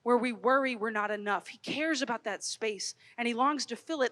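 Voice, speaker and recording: High-voiced woman preaching in a big hall. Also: moderate pace. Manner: expressive, storytelling, swings from loud to hushed. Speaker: speaker at youth conference. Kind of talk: animated Catholic youth talk. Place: large hall.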